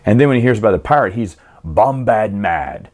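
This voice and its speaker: A man's voice: fairly low pitch, animated, brisk, a little mellow. Chatty wry man reviewing a book. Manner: chatty, rambling, wry, acts out the characters. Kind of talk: casual book review monologue.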